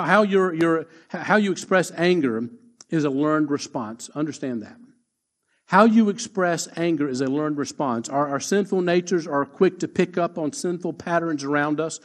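A man preaching a sermon as pastor, emphatic, slowing down to repeat his key lines. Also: on the high side.

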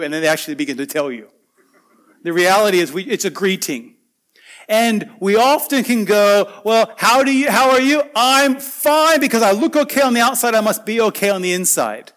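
A man with a high voice preaching a sermon. He talks earnestly and conversationally, moving from loud, emphatic lines down to soft, quiet asides. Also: expressive, fairly quick.

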